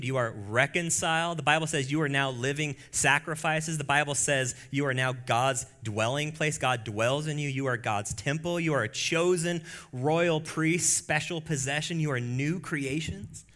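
Bright-voiced preacher, animated delivery. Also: male voice. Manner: animated preaching that swings from hushed to loud and high. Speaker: pastor. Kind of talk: sermon. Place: church.

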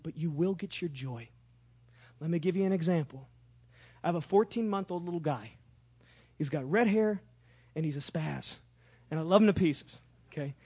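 A male preacher in his thirties with a very high, husky voice. He talks in a lively, sing-song way, dropping to near-whispers and then rising to shouts as he tells a story from the pulpit. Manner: animated, swings from hushed to shouting. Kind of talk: sermon with personal story.

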